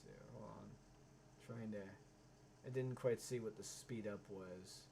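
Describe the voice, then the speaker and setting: A man's voice: lowish voice, fairly even intonation, unhurried, vocal fry, warm tone, a little hiss or hum. A man giving live reaction commentary, ranting and swearing with many stammering restarts. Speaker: reaction streamer.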